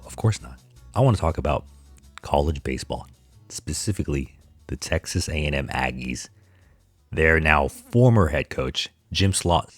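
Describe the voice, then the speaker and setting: A man's voice: rumbling low, dry recording, studio quality. A man hosting a podcast, ranting about sports news with sarcastic disbelief. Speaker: podcast host. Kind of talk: casual sports commentary monologue.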